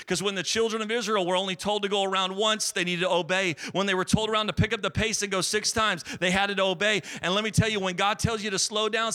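A middle-aged man preaches in a church, his voice high and strikingly bright. He drives his points home with rising, energetic exhortation, then pulls back to soft, earnest tones. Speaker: pastor. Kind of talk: sermon. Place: church sanctuary.

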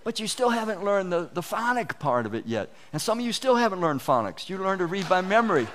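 A man's voice: sits high, a little fast. A man giving a conversational, folksy sermon, acting out inner voices and often restarting his words. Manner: animated, acts out inner voices. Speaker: preacher.

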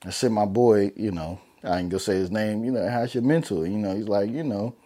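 A young man vlogs a casual motivational message to camera, his warm, lowish voice steady in tone and a little fast. Earnest and heartfelt but loose, he leans on slang and fillers such as "man" and "you know."

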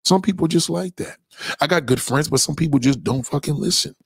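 A man's voice: a little high, a little fast, creaky, husky, no room sound, studio quality. A man delivering a profane, comedic rant to camera, telling stories with heavy swearing and street slang. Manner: animated storytelling, acts out quoted voices.

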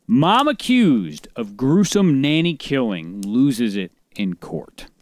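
A man's voice: medium pitch, big pitch swings, slow pace, darkish tone, no room sound. A man co-hosting a podcast, reading news stories aloud in casual chat, rambling with restarts and the odd swear, recorded outdoors. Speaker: podcast co-host. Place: outdoors by a forest.

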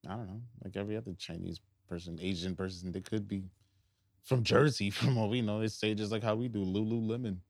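A man's voice: lowish voice, fairly even intonation, fairly quick, darkish tone, no room sound, clean studio sound. A man co-hosting a podcast in casual chat, laid-back, laughing often and trailing off. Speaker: podcast co-host.

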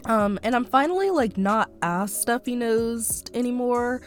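A woman's voice: a little high, a little slow, faint music behind. A young woman hosting her own podcast, rambling casually with lots of fillers while still a bit stuffy-nosed from a cold. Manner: rambling, chatty, many fillers like "um" and "like". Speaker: podcast host. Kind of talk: casual personal podcast monologue.

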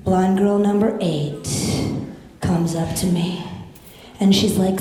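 A young adult woman doing a stand-up comedy set, brash and profane, jumping up to shout her punchlines. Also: medium pitch, fairly even intonation, slow pace. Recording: echoey live club.

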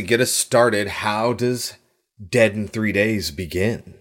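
A man's voice: takes it slowly, over music. A man with a sick voice co-hosting a podcast, giving an opinionated, casual movie review. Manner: animated, opinionated, swings pitch when emphasizing. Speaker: podcast co-host.

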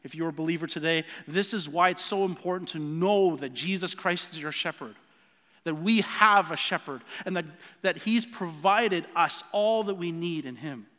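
Earnest high-voiced male preacher in a hall. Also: moderate pace, bright, forceful tone. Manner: earnest, personal storytelling with many restarts. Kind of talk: sermon.

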